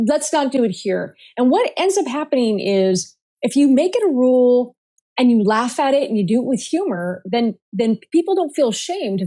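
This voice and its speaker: Upbeat woman guest, higher voice, quick jokes, casual interview chat. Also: warm tone. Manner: playful, upbeat, coins jokey words. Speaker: guest, communication speaker.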